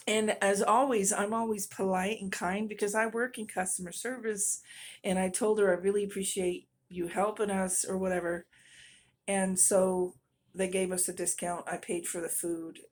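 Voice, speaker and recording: A woman's voice: medium pitch, fairly even intonation, moderate pace. Exasperated woman venting. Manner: exasperated, venting with nervous laughs. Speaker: vlogger. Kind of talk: casual storytelling rant.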